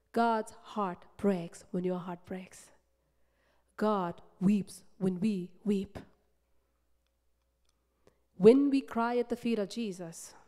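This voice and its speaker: A woman preaches in a church sanctuary with passion and emphasis, repeating phrases as she moves from loud build-ups to soft, low stretches. Her words echo with the long reverb of the church hall.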